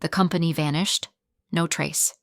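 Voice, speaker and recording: A woman voicing a weary older man who speaks low and heavy with regret. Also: steady tone, normal speed, no echo, studio quality. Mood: somber.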